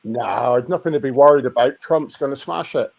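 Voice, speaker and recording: A man's voice: medium pitch, fairly quick, vocal fry, no room sound. A man in a casual live-stream chat, talking bluntly and confidently over dull lo-fi call audio.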